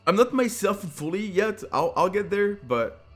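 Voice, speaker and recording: A sleep-deprived esports commentator with a French accent calls a live game in a high-pitched voice at normal speed, with soft background music. He is excitable and joking, filling gaps with lots of "uh" and other fillers.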